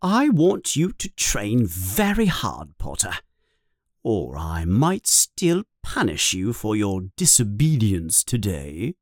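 A narrator voicing a strict older female professor who scolds and commands in a high, raised voice. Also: huge pitch swings, slow, a little mellow, dry recording, studio quality, full character voice. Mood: brisk.

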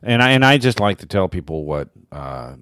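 Deep-voiced joking man podcast co-host. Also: very animated, moderate pace, a bit bright, clean tone, dry recording. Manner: joking, self-deprecating. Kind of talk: casual podcast chat.

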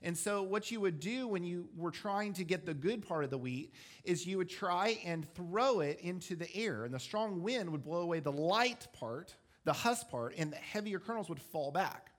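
Male pastor, slightly high voice, casual explanatory sermon delivery with self-deprecating asides. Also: lively intonation, normal speed.

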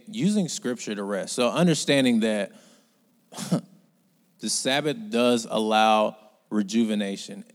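Male preacher, low voice, conversational sermon with loud urgent peaks, hall reverb.

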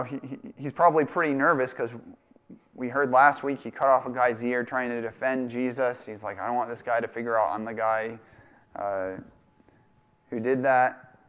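A man with a mid-range, slightly bright voice preaches a sermon in a relaxed, chatty way. Every so often he acts out quoted lines and jokes with a laugh.

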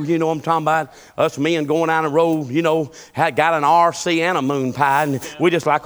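A man preaching a sermon in a folksy storytelling way, swinging between loud preaching and quiet asides. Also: a little high, level tone, normal speed. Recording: long hall reverb.

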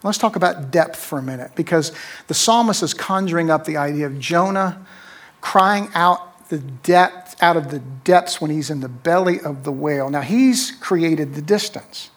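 A middle-aged pastor with a notably high voice delivers a sermon to his congregation. He tells stories conversationally, says his key lines twice and keeps asking "right?" to draw the room in. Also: moderate pace. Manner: conversational storytelling, repeats phrases, checks in with "right?".

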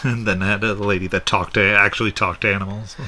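A man co-hosting a movie podcast in casual, rambling chat, quick to laugh. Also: fairly low pitch, level tone, bright, forceful tone, a little hiss or hum. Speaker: podcast co-host.

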